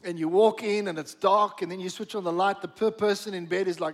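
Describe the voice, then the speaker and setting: High-voiced man preaching a sermon. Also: fairly even intonation. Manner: emphatic preaching, slowing on key words, asks the congregation to repeat. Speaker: pastor. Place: church.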